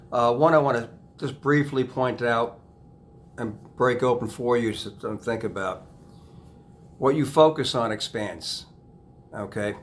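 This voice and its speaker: Rambling man hypnotist, soft "okay?"s. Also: a little hiss or hum. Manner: rambling, restarts sentences, repeats key phrases; drops to a soft, low "okay?" after points. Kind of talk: casual self-help talk to camera.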